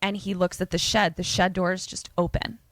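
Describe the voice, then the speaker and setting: A woman podcast co-host casually retelling a horror film plot, animated and swearing freely. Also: lowish voice, fairly quick, dry recording. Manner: animated, swearing, lots of fillers.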